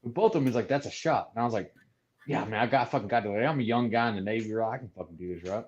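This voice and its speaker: A man's voice: on the low side, rapid-fire. A man talking as a podcast guest, telling blunt, profane stories in casual chat. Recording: dull lo-fi sound.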